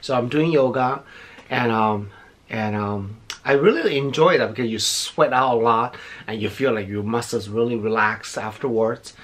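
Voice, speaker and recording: With a mid-range voice at a moderate pace, a middle-aged man chats casually while opening gifts. He's a beauty vlogger, a bit winded, gushing effusively and repeating himself.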